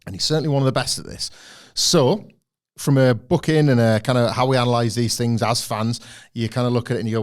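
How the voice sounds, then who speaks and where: A man on a casual review podcast, thinking aloud through a wrestling rivalry with plenty of fillers and restarts. His voice sits at an ordinary middle pitch. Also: fairly even intonation, fast. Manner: thoughtful, rambling analysis with fillers. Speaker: podcast co-host. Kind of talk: casual wrestling analysis chat.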